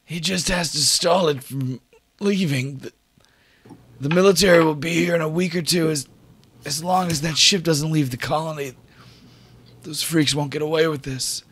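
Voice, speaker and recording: A man's voice: fairly high pitch, steady tone, normal speed, long pauses, a bit bright, breathy edge, no echo, voice pushed up. A man doing a strained, injured man. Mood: urgent. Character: badly injured man with broken ribs.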